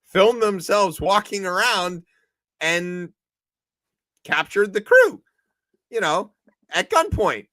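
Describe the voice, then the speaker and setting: A man's voice: sits high, big pitch swings, slow, pauses often, pushed and bright, no echo. A man co-hosting a comedic news chat show, talking casually and animatedly and acting out quoted voices for laughs. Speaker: co-host.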